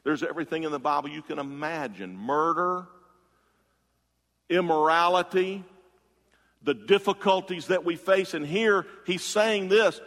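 Gravelly preacher in a reverberant hall. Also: male voice. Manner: swings between loud emphatic bursts and hushed low asides; conversational preaching, quick asides to the congregation. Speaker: pastor. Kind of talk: sermon.

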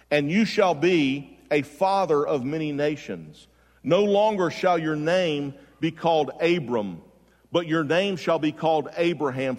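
A man preaching a sermon as pastor, building emphasis and asking the congregation direct questions. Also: fairly high pitch. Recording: long hall reverb.

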